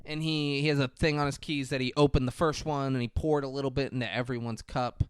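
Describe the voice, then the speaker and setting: A man's voice: mid-range voice, fast talker, clean tone, dry recording. A man co-hosting a podcast, retelling a film scene by scene in casual chat, acting out lines and swearing. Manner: animated, acts out scenes, swears. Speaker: podcast co-host. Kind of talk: casual movie recap chat.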